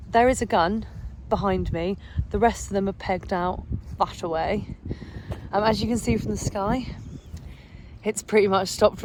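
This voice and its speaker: A woman from Hampshire, England, with a medium-pitched voice and a Somerset-tinged West Country accent chats about a day on the beating line. Filmed as a casual vlog outdoors among countryside fields and hedges, the noisy phone recording catches her explaining things and laughing often.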